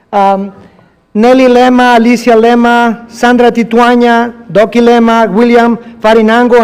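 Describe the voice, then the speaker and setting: Alderman, very high voice, measured formal remarks, some ums. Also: a little mellow, clear, resonant tone, poor audio.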